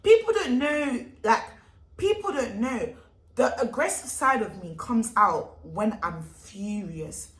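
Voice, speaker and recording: Animated young woman in an echoey room. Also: on the high side, slow. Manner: animated, emphatic, heavy street slang. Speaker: vlogger. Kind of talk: storytime vlog.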